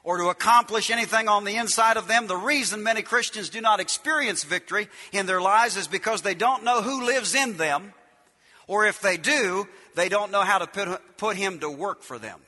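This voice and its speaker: A male preacher with a high, very bright and piercing voice, delivering an emphatic, repetitive sermon. He shouts his key lines, then drops low to tell stories. His voice rings out with a long reverb in a church hall. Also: normal speed.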